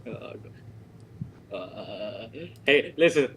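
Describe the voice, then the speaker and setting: A man's voice: fairly high pitch, fairly quick, bright, forceful tone. A man playing a tabletop game who talks in a flustered, stammering way. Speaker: player.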